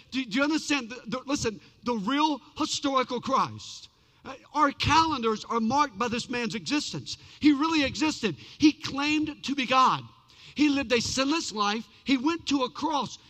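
A man with a very high, bright voice preaches in a church sanctuary, telling his story with big swings between shouted peaks and hushed lows. His words ring out with a long reverb that fills the hall. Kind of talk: sermon.

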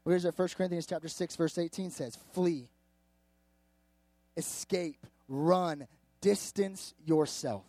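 High-voiced, lively preaching man. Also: takes it slowly, dry recording. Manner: energetic, conversational preaching with acted-out quotes. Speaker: youth pastor. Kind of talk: sermon.

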